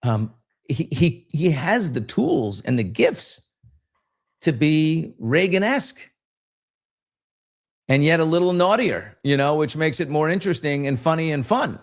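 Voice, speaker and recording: A man's voice: fairly high pitch, sing-song, a little slow. An older man, hosting a podcast in loose, conversational commentary, reading comments aloud and often trailing off and restarting. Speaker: podcast host. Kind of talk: casual commentary. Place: studio.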